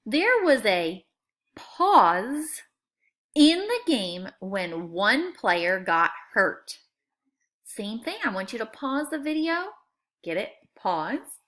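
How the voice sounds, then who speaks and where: Lively, slow-paced woman teaching phonics. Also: mid-range voice. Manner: slow, clear, exaggerated sound-outs; friendly, coaxing tone to children. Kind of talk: phonics lesson for young students.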